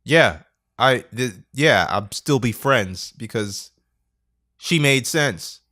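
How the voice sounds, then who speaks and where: A young man, a podcast co-host, telling a story in casual chat and acting out quotes, laughing often. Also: slow pace. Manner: animated, acts out quotes with big pitch jumps, laughs often.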